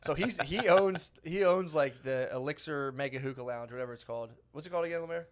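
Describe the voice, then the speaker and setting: A man's voice: on the high side, fast. A man in his thirties co-hosting a casual comedy podcast, rambling through a story and acting out the quotes, laughing often. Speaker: podcast co-host.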